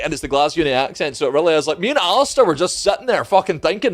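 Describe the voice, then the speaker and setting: A young man telling a story in casual, animated chat, swearing freely and acting out what other people said. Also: on the high side, fast, hardly any pauses. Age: young adult. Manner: animated, profane, acts out other people's lines. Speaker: streamer.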